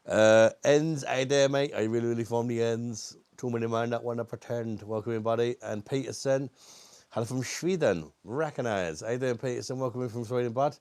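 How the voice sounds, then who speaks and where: A man's voice: medium pitch, moderate pace, darkish tone, no echo. A British man hosting a casual live beer stream, chatty and greeting viewers by name, swearing casually and with a lingering cough. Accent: British English. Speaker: livestream host reviewing beer.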